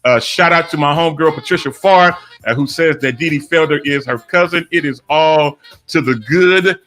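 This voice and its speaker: A man hosting a live online radio show, chatting casually and giving listeners shout-outs. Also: on the high side, moderate pace.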